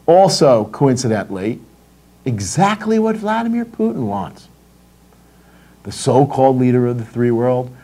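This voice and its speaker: A man's voice: mid-range voice, sing-song, a little slow, warm tone. A middle-aged man from the United States hosting a political commentary show, ranting in an indignant, sarcastic and profane way.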